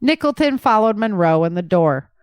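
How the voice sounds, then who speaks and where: A woman reading a novel aloud as narrator, with steady storytelling. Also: medium pitch, moderate pace, smooth, dry recording. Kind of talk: audiobook narration.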